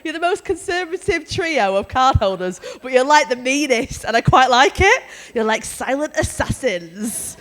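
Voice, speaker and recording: A woman's voice: high-pitched, big pitch swings, normal speed, hardly any pauses, fairly bright tone. A woman compering at a comedy club, brash and teasing as she hypes the crowd and introduces acts. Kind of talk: stand-up compering.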